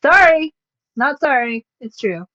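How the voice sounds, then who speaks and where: A woman with a slightly high voice rambles casually on a livestream, full of sarcastic and self-mocking asides. Her audio sounds a bit muffled and lo-fi. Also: lively intonation, moderate pace. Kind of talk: casual stream chatter.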